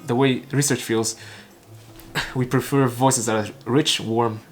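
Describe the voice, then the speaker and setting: With soft music in the background, an English learner from Vietnam who runs a channel repeats a recorded talk line by line. Vietnamese is his first language, and he speaks in halting, clipped phrases marked by frequent stumbles and restarts. His mid-range voice carries fairly even intonation.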